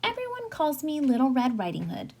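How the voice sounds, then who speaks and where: A woman doing a bright, eager little Red Riding Hood. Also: high-pitched, huge pitch swings, fairly quick, vocal fry, pitched above the performer's own voice, heavily acted. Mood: polite. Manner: eager, sing-song, polite. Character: cheerful curious young girl in red hood.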